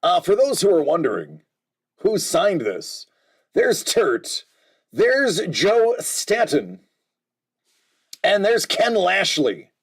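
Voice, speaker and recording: Easygoing American streamer guy, bantering with chat, high and bouncy voice. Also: huge pitch swings, takes it slowly, long pauses, husky. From United States. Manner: chatty and joking, addressing viewers by name. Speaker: livestream host. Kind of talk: casual livestream chat.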